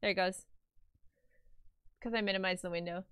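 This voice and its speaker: A woman streaming casually as she draws, excitable and swearing while chatting with viewers. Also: medium pitch, moderate pace, clean tone, no echo. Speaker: live-streaming artist.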